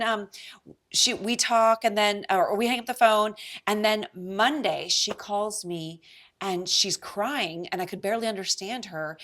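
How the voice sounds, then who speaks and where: Animated woman telling a client story. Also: medium pitch. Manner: animated storyteller, acts out quoted voices. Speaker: real estate agent, podcast guest. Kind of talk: casual podcast chat.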